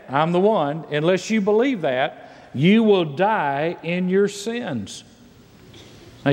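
Emphatic preaching pastor in a reverberant hall. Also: male voice, on the high side. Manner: emphatic preaching, reading and paraphrasing scripture. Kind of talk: sermon.

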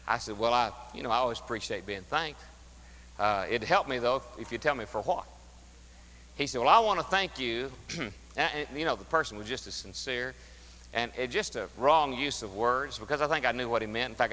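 Emphatic preacher man in a reverberant sanctuary. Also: medium pitch. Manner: emphatic, swings from loud to hushed. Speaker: pastor. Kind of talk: sermon. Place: church sanctuary.

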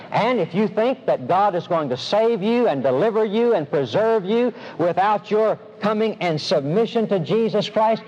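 A man preaching a sermon, emphatic, slowing down and stressing his key phrases. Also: high voice, darkish tone. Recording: dull lo-fi sermon recording with faint hiss.

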